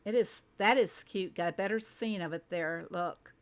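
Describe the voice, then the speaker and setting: Soft music plays behind a Southern woman with a twang as she hosts a casual reaction commentary, speaking at normal speed in a lowish voice. She chats, laughs frequently, and pokes fun at herself in asides.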